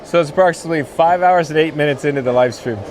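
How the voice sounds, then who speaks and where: A man's voice: on the high side, fast, a little mellow, slight background noise. Giddy man laughing on a live stream. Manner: laughing helplessly, giddy and rambling. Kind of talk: casual live stream chat. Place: outdoors at a theme park.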